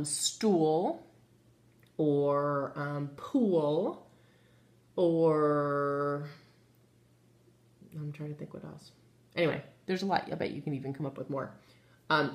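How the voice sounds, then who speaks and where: A woman teaching a children's phonics lesson, patient and encouraging, asking the class questions as she writes on the board. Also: sits low. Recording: echoey room.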